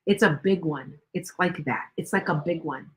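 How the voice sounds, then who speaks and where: Speaking at normal speed in a low voice, an older tarot reader chats loosely on her livestream, wandering and starting over many times. The audio quality is poor.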